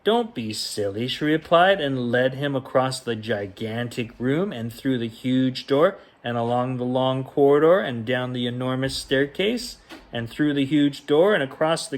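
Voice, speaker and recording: A man reading a children's picture book aloud as a bedtime story, gentle and unhurried, giving the quoted lines their own ups and downs. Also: medium pitch, lively intonation.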